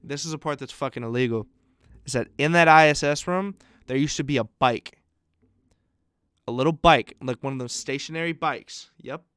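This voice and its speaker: Young man, podcast host, casual chat, swears a lot, smooth clear voice, dry close mic. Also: medium pitch, normal speed, fairly bright tone, no room sound. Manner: swearing storyteller, acts out other people's lines.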